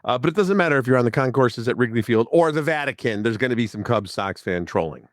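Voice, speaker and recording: A man's voice: medium pitch, lively intonation, quick pace, no echo, studio quality. A man in his sixties from the Chicago area, hosting a podcast in a casual, rambling monologue and chuckling often. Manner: chatty, digressive, chuckling often. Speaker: podcast host.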